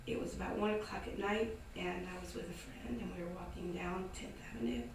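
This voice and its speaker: Speaking fairly quickly in a creaky voice on the low side, this Southern American woman gives a casual, animated account to a live crowd, performing the voices of the people in her tale. It was captured in an indoor event space with a distant microphone, some noise and an echoey room.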